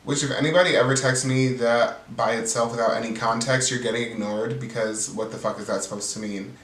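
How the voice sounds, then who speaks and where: A man's voice: medium pitch, steady tone, brisk, fairly bright tone, reverberant, distant mic, poor audio. A man giving a casual, snarky, profane recap of a reality TV episode as host. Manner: snarky, profane, bored-sounding commentary.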